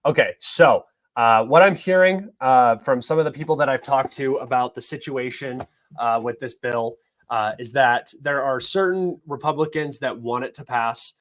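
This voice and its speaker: A man's voice: mid-range voice, normal speed. A young man hosting a livestream, talking through news articles in an offhand, rambling, opinionated way. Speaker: livestream host. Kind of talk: casual livestream news commentary.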